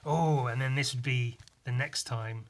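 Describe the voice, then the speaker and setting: A man's voice: medium pitch, a little slow. A young man casually talking over his old comic, self-mocking and swearing. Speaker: vlogger. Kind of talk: casual commentary.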